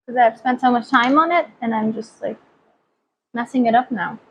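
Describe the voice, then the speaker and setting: A woman's voice: fairly high pitch, normal speed, fairly bright tone, a little hiss or hum, rough recording. A young woman, chatting casually in a makeup vlog, self-deprecating and giggly, rambling as she talks. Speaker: vlogger.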